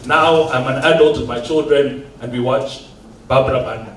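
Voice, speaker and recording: A man from Zimbabwe, a football development official, giving a formal address in a measured way with some hesitations. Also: medium pitch. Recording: echoey hall, distant mic, faint hum.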